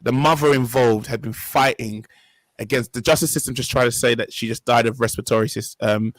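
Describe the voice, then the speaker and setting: A man's voice: mid-range voice, steady tone, fairly quick, no room sound, rough recording. A young man hosting a casual discussion, talking in an earnest, rambling way and often correcting himself mid-sentence. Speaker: podcast host.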